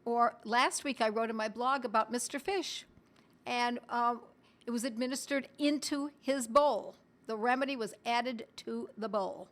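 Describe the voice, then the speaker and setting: A middle-aged woman teaching on a live stream in a chatty way, talking straight to her viewers and reading their comments aloud, with the odd cough and throat clearing. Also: a little high, a little slow, fairly bright tone. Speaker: homeopathy educator hosting a live stream.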